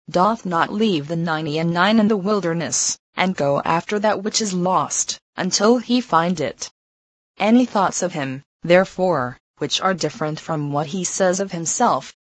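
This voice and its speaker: Woman reader, lowish voice, earnest measured devotional reading, dry close sound. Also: no room sound, low-quality recording. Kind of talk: reading a devotional text aloud.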